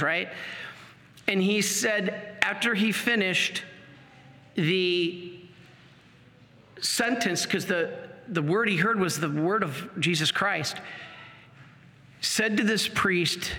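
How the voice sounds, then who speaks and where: A man telling a personal testimony in an animated, dramatic storytelling manner. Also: high-pitched, measured pace. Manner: animated, dramatic storytelling with sudden pace shifts. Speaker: speaker giving a testimony. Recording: long hall reverb.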